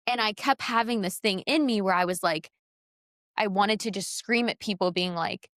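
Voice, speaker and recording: A woman's voice: mid-range voice, normal speed, fairly bright tone, dry recording, clean studio sound. A young adult woman, a sports broadcaster, talking candidly and reflectively in an interview, with many filler "like"s.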